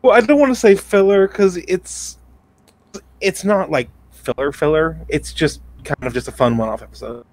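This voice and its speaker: A man co-hosting a podcast in casual chat, talking in a relaxed, hesitant way with many fillers. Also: a little high, normal speed, a little hiss or hum. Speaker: podcast co-host.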